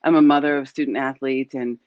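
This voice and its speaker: A middle-aged woman hosting an interview, chatty and animated as she tells a story over a video call. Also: a bass voice, fairly quick, dry recording. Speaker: host. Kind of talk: casual interview chat. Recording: dry, dull lo-fi call audio.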